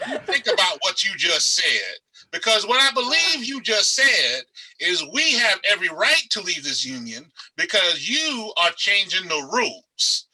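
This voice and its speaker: A man putting on a Southern accent to voice an indignant antebellum slave owner, slow and drawling. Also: high-pitched, sing-song, sharp tone, slightly rough, voice pushed up, full character voice, low-quality recording. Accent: American Southern.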